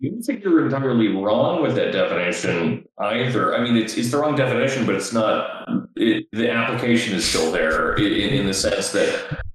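Low-voiced man in an echoey room. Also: lively intonation, moderate pace. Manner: laughs often, explains in loose bursts. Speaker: podcast co-host. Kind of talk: casual chat.

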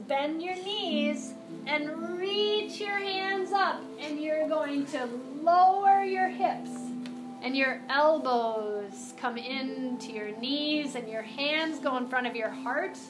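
High, playful woman teaching kids' yoga. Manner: playful, encouraging, with sing-song animal cues. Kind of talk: guiding a children's yoga class. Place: classroom or studio with music playing. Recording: echoey room, music behind.

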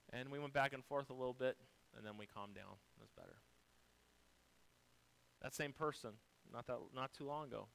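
A man delivering a sermon as a pastor, swinging between loud emphasis and soft, quiet lines while quoting scripture. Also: medium pitch, lively intonation, moderate pace, gravelly, long pauses, a little hiss or hum, low-quality recording.

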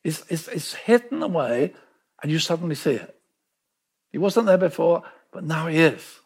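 Guy preaching a sermon, bit higher voice, really lively, keeps repeating words for emphasis. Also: moderate pace, slightly rough. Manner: animated storytelling, acting out quoted voices.

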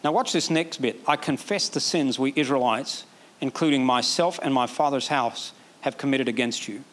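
A pastor preaching a sermon, animated, acting out quoted prayers in a raised voice. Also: male voice, medium pitch, normal speed.

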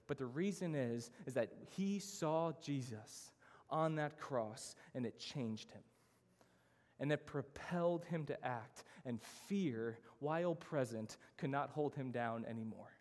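A man's voice: medium pitch, unhurried, a little mellow. A man preaching a sermon as pastor, earnest and emphatic, moving through his points in lists. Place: church hall. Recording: church sermon with long hall reverb.

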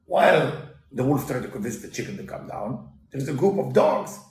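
A man's voice: medium pitch, very animated, brisk. A man giving a storytelling Torah lesson in broken English, mixing in Hebrew quotes. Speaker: Torah teacher. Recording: roomy echo.

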